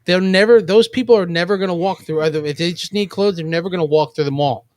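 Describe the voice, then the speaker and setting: A man's voice: high voice, quick pace, no room sound. A man co-hosting a podcast, chatting casually and animatedly acting out the people in his stories. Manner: animated storyteller, acts out quoted voices. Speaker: podcast co-host. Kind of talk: casual chat.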